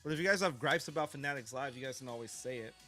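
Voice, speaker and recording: A man's voice: medium pitch, racing, sharp tone, soft background music. A man streaming a live card break, chatting casually and ranting with swearing and frequent chuckles.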